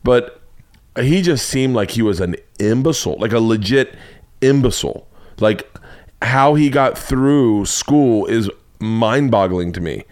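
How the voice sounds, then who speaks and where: A man in his forties from the United States, hosting his own show with a rambling, profane comedic monologue and animated storytelling. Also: mid-range voice, unhurried. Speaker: comedian podcast host.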